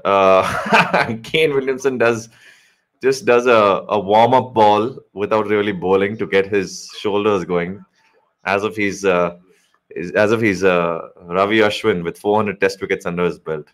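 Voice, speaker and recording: Guy with a lowish voice doing live cricket commentary, chatty, keeps fixing his own sentences. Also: steady tone, a little slow, fairly bright tone. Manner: rambling, joking asides, corrects himself mid-sentence.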